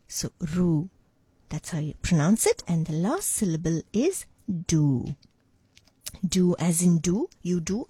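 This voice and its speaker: A woman's voice: mid-range voice, dark tone, breathy edge, dry recording. A woman presenting a radio language lesson in a studio, encouraging and drawing out syllables as she teaches.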